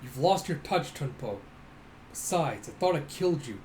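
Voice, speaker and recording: A man reading a gruff aging karate rival. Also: fairly high pitch, lively intonation, moderate pace, darkish tone, a little hiss or hum, lightly acted. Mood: mocking.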